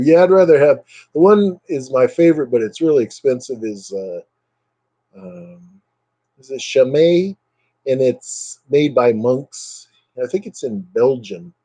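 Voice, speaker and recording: A man's voice: mid-range voice, dark tone, breathy edge, no echo, low-quality recording. A man chatting casually with live viewers over a webcam at home, joking and sarcastic, rambling from topic to topic. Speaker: live streamer.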